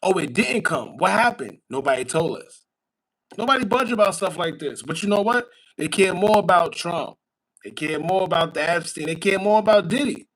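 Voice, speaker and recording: A man's voice: sits high, animated, moderate pace, a bit bright, rough recording. A man hosting a casual commentary show, talking in a wry, conspiratorial way and tossing out rhetorical questions. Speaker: podcast host.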